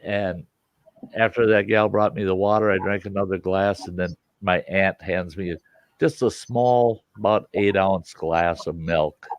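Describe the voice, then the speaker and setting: A man hosting a casual chat, telling lively anecdotes and acting out the people in them. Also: sits low, a little slow, no echo. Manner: animated storyteller, acts out voices in anecdotes. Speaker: host. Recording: dull lo-fi, dry sound.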